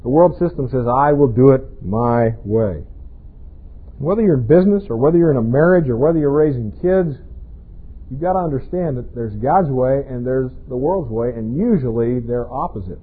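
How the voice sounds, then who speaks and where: Over a tinny, phone-like band-limited recording, a pastor preaches conversationally in a husky, expressive mid-range voice that runs a little fast. He frequently poses rhetorical questions to his congregation.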